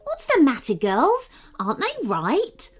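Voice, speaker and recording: A woman's voice: high-pitched, huge pitch swings, unhurried, faint music behind, full character voice. A woman voicing a cheerful, boastful male magic bunny in a storybook, chirpy and bouncy. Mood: puzzled.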